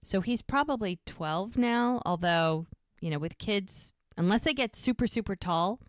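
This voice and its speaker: A woman's voice: mid-range voice, expressive, measured pace, no echo, clean studio sound. A middle-aged woman co-hosting a podcast, chatting casually as she recaps a TV episode and retells the scenes. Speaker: podcast co-host. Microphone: podcast microphone.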